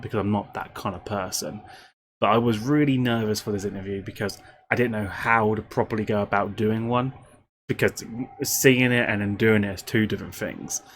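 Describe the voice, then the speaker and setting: A quiet, self-conscious man who makes videos, talking about being nervous in his first interview. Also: fairly low pitch, a little hiss or hum. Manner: soft-spoken, self-conscious. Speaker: video creator. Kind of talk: casual reflection.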